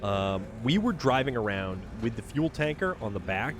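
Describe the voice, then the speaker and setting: A man's voice: mid-range voice, big pitch swings, normal speed, over music. A man hosting a casual gameplay livestream, rambling and repeating words as he chats with viewers. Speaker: livestream gamer host. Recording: game vehicle noise behind voice.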